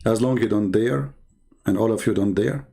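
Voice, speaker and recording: A man's voice: fairly low pitch, normal speed, vocal fry, dark tone. A man hosting a call-in debate show, talking in a sarcastic, rambling way full of fillers. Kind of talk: casual mocking monologue.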